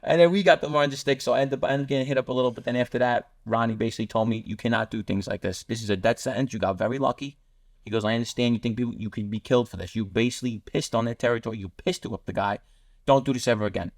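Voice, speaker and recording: Speaking at a medium pitch, a man tells rapid, blunt street stories in a podcast interview and acts out what others said in quotes. The recording is dry and studio quality.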